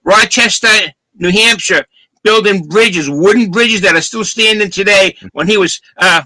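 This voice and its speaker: Bright high-voiced man telling a story. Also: dry recording, poor audio. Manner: rambling, pauses with fillers. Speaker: host. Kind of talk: casual chat, telling a family story. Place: home, live video chat. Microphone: video call.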